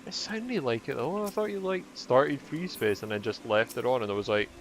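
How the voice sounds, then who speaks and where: A man's voice: mid-range voice, animated, normal speed, slight background noise. A man co-hosting a let's play, chatting in a jokey, teasing way. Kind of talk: casual gaming chat. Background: game music.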